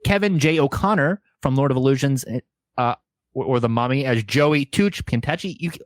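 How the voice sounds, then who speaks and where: A man's voice: medium pitch, moderate pace, no room sound. A man co-hosting a horror podcast, casually reading off film credits with profane jokes. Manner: profane, jokey. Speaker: podcast co-host.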